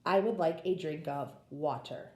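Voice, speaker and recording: A woman's voice: deep voice, moderate pace, a little mellow, roomy sound. A woman teaching a phonics lesson, patiently sounding out words for young learners.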